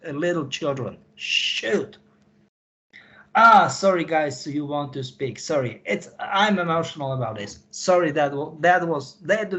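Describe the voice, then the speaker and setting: A man's voice: on the high side, fairly bright tone. A man in an emotional call chat, repeating himself and apologizing, with non-native phrasing. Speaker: insider guest recounting missions.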